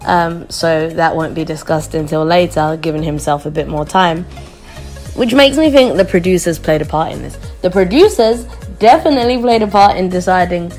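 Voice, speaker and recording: A woman casually recapping a TV episode, chatty and quick to laugh, mimicking the people she quotes. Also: fairly low pitch, darkish tone, faint music behind. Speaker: vlogger reviewing a TV show.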